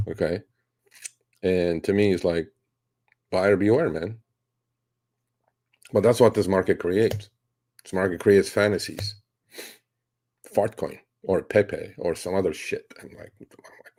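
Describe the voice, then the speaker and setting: A middle-aged man talking casually about his trades, blunt and animated, cursing now and then. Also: deep voice, slow, long pauses. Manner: blunt, animated, swears and laughs. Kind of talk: casual talk answering a question.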